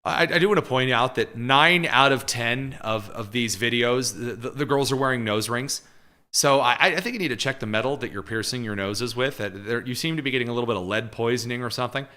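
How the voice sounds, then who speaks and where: A man's voice: medium pitch, brisk, pushed and bright. A man hosting live political commentary, talking in a sarcastic, mocking way.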